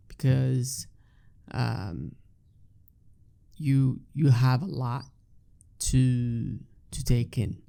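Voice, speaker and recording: A young man with an Arabic accent talks in a loose, rambling way, his English full of "like" and restarts, with the odd casual swear. His voice is gravelly with a dark, mellow tone, and he talks slowly. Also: medium pitch. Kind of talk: casual monologue.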